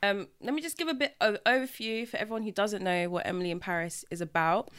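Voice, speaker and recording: A woman's voice: mid-range voice, fast talker, fairly bright tone, clean tone. Chatty woman hosting a podcast. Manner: chatty, lots of "like" and "literally" fillers. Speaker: podcast host. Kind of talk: casual chat.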